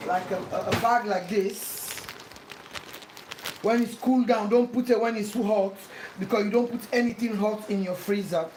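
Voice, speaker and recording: A woman's voice: medium pitch, fairly even intonation, moderate pace, a little mellow, a little hiss or hum. Chatty woman cooking in an echoey kitchen. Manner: chatty, repeats words, breaks into playful sing-song. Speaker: cooking vlogger. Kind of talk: casual cooking demonstration. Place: home kitchen. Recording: roomy kitchen echo, faint ambience.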